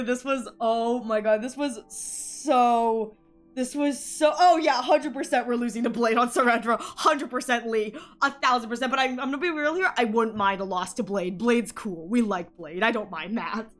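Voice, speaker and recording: High-voiced, excitable woman streamer. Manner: excitable, repeats words, chatty. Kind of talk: casual live-stream chat while gaming.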